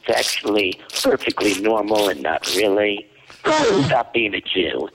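A man with a fairly low voice co-hosts a comedy podcast. His pitch swings widely as he riffs, and his delivery is campy and bawdy. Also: animated, a little slow, noisy background. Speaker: podcast co-host. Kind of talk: raunchy comedy banter.

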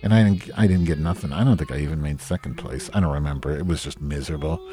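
A man's voice: a bass voice, quick pace. Grumpy, profane man ranting. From New Jersey. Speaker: host. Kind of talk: casual ranting monologue.

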